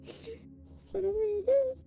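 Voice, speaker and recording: A high-pitched woman streamer talking unhurriedly to her chat, excitable and emotional, thanking viewers one by one. She goes from giggling to choking up and back. Faint music plays behind her. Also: unhurried. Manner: excitable, thanks viewers by name, swings between giggles and near tears. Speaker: live streamer.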